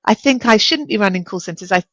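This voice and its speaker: Speaking a little fast at a medium pitch, this middle-aged CEO is an energetic guest in a frank interview, animatedly telling stories and performing the quoted dialogue herself. The recording is rough, though free of echo.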